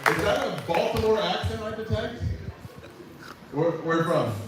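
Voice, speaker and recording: High-voiced man emceeing a loud bar. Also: lively intonation, a little slow, recorded from a distance, heavy background noise. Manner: brash, hypes the crowd. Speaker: open mic host. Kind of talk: emcee banter and introductions. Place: small coffee bar stage. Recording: echoey bar with loud crowd.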